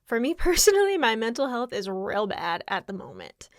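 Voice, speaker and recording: A woman's voice: on the high side, very animated, normal speed, no room sound, clean studio sound. A young adult woman hosting her own podcast in casual, candid chat, tired and laughing often. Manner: candid, rambling, with frequent laughs. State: exhausted. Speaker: podcast host.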